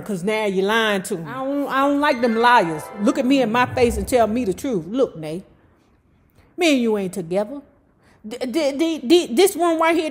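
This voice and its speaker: Sassy woman reading aloud, slightly high voice. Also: fairly quick. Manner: animated, sassy, cursing asides. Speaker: YouTube storyteller. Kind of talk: reading a memoir aloud with casual commentary.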